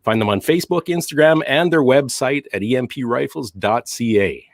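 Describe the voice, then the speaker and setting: A man's voice: mid-range voice, moderate pace, creaky, dry recording. A man hosting a casual podcast, joking crudely and laughing a lot between reads. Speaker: podcast host.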